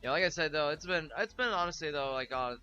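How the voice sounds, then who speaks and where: Young male streamer, rambling casual chat, bright tone, faint music behind. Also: on the high side, quick pace, highs cut off. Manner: rambling, heavy filler words, laughs often. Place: home room.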